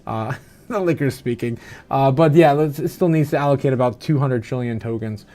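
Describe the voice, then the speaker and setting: A man's voice: medium pitch, normal speed, dark tone. A man hosting a livestream who sounds a little tipsy and slightly slurred, chatting loosely with lots of "uh" fillers and frequent laughter. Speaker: crypto livestream host. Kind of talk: casual livestream chat reading viewer comments.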